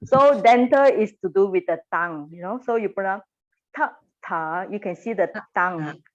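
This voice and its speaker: A woman's voice: medium pitch, a little fast, dull audio. A woman teacher, leading a classroom pronunciation lesson and patiently repeating sounds for her class to echo.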